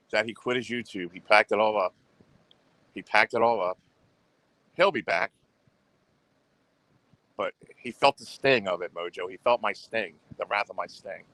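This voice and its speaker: A man with a very deep voice hosts his own livestream. He rambles and brags, circling back over the same phrases. The sound is dry, with no room echo at all. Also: bright, forceful tone. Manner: boastful and repetitive, goes on the offensive. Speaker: livestream host.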